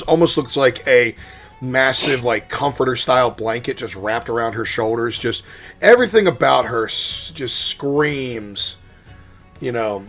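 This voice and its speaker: Male game master, middle-pitched, easygoing scene-setting narrator for a tabletop game. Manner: relaxed, descriptive, with many ums and restarts.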